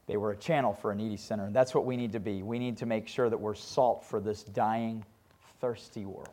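A man preaching a sermon, retelling Bible stories with lively acted-out scenes and ending in prayer. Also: on the low side, normal speed. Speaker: pastor.

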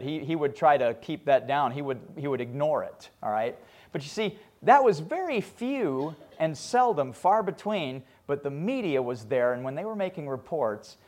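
Animated, slightly high-voiced male preacher. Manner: animated preaching, acts out Bible scenes, closes in prayer. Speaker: pastor. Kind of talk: sermon.

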